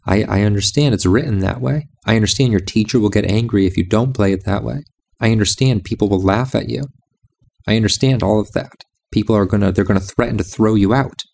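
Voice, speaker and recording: A man's voice: fairly low pitch, fairly quick, gravelly, a little mellow, a little hiss or hum. A man giving a reflective monologue about music and meditation, insistent and repeating his phrases.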